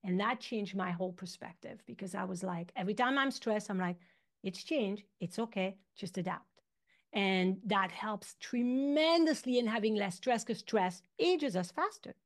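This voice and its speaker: A woman in her fifties, an acupuncturist guest, chatting casually and telling animated stories in which she acts out what people said. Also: medium pitch, normal speed, hardly any pauses. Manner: animated storyteller, acts out quotes. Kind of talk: casual interview chat.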